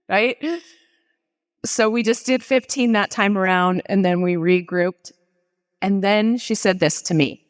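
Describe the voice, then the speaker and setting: A woman's voice: medium pitch, measured pace. A woman life coach giving an earnest, encouraging inspirational talk, telling stories to the audience. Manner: earnest, encouraging, speeds up when urging. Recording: long hall reverb.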